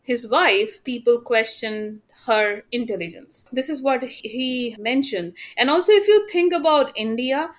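Young bengali woman, high voice, telling stories on a chatty podcast. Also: lively intonation, measured pace, hardly any pauses. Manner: storytelling, quotes others in asides. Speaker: podcast guest, university teacher. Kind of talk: casual podcast chat.

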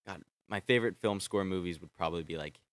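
A young man vlogging in a casual, rambling way, excitable and swearing freely as he trails off and restarts his sentences. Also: deep voice, fast, dry recording. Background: faint film score playing.

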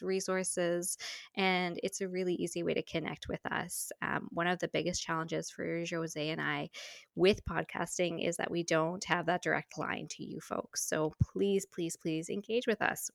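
A woman co-hosting a podcast, talking in a relaxed, chatty way with frequent ums. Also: lowish voice, vocal fry, dry recording, studio quality. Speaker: podcast co-host. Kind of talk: casual podcast chat.

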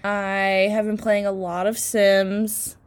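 A woman's voice: mid-range voice, level tone, slow. A young woman co-hosting a podcast in casual chat, laughing often and self-deprecating. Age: young adult. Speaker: podcast co-host.

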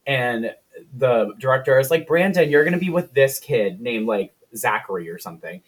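A man's voice: mid-range voice, animated, moderate pace. A man co-hosting a podcast, retelling a film plot in casual, profane chat and briefly putting on voices for the characters. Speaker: podcast co-host.

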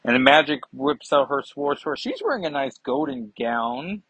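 Husky chatty man reviewing comics. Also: medium pitch, very animated, normal speed, a bit bright, dry recording. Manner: chatty, rambling, self-mocking. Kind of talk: casual review vlog. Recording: dull lo-fi sound.

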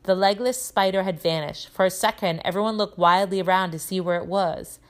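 A woman teacher reading a children's novel aloud, telling it in a lively way with voices for the characters. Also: mid-range voice, brisk.

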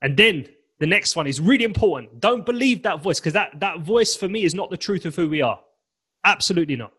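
A man's voice: sits high, lively intonation, fast, a bit bright, breathy edge. A man being interviewed as a confidence coach, talking emphatically and acting out snippets of inner dialogue. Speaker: guest, confidence and presentation coach. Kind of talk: animated podcast interview.

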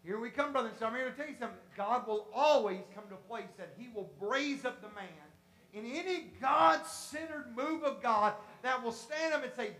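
A Pentecostal preacher giving an impassioned sermon, repeating phrases, rising to shouts, and acting out voices from the congregation. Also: medium pitch, lively intonation, brisk, roomy sound. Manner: repetitive, acts out congregation voices. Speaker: pastor.

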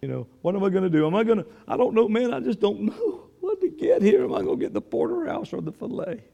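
A man's voice: high-pitched, very animated, fast, vocal fry, dark tone, muffled recording, heavily acted. A man preaching, putting on the voice of a spoiled grown man whining over luxuries with mock anguish. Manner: whiny, mock-anguished complaining.

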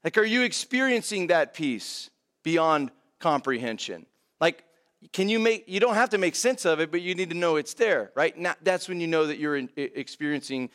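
A man's voice: fairly high pitch, animated, normal speed, a bit bright. A young man preaching a casual verse-by-verse sermon, talking conversationally and filling with "man" and "like". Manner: conversational, many fillers like "man" and "like". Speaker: pastor.

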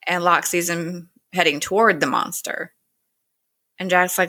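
Bright-voiced woman recapping a show. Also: fairly low pitch, fairly even intonation, unhurried, long pauses. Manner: retells scenes with "he's like" quotes. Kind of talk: casual episode recap.

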